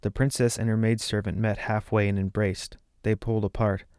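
A man reads a fantasy story aloud in a measured, steady voice. His pitch sits low and the recording is dry and close, with no room sound. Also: clean tone, no echo. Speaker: narrator. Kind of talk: audiobook narration.

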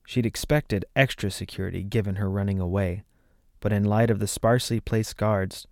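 Low-voiced man narrating a story. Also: a little mellow, no room sound, clean studio sound. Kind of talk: audiobook narration.

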